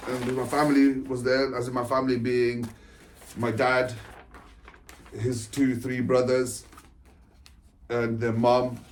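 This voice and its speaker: A man at an average pitch tells a long personal story straight to camera. He wanders and restarts, often checking in with a quick "right?" and breaking into short laughs. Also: slight background noise. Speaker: author and spiritual coach. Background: England.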